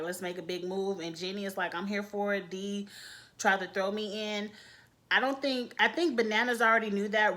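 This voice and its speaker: Sassy woman recapping reality TV. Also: mid-range voice. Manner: sassy, animated, quotes cast members. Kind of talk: casual recap commentary.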